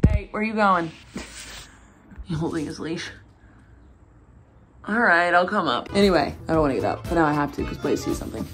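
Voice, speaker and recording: A woman's voice: lowish voice, animated, moderate pace, pauses often, reverberant, music in the background. A woman talking casually to camera at home, playful and rambling, poking fun at herself. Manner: playful, rambling, self-mocking. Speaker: vlogger. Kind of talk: casual daily vlog.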